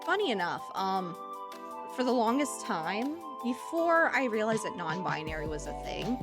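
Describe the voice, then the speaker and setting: A woman's voice: mid-range voice, big pitch swings, normal speed, over music. A woman streamer with a Southern US accent, chatting casually with viewers and laughing often. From US Midwest and South.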